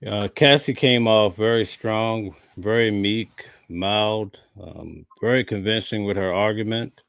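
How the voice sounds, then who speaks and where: A man on a panel giving measured remarks in short listed phrases. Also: lowish voice, gravelly, a bit bright, clean tone, no echo, clean studio sound. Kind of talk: live panel discussion.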